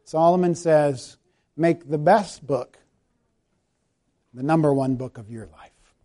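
A man preaching to his congregation in a mellow, warm tone that sits a little high for a man. He talks in an easy, conversational way and pokes fun at himself, then drops to a hushed, prayerful close. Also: slow, pauses often. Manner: conversational, self-deprecating preaching that softens to a quiet prayerful close. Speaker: pastor. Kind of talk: sermon. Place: church sanctuary.

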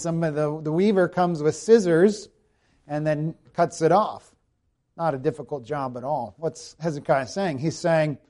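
A man preaching a sermon as pastor, explaining scripture with rhetorical questions and slow, deliberate readings of the verses. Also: fairly high pitch, darkish tone.

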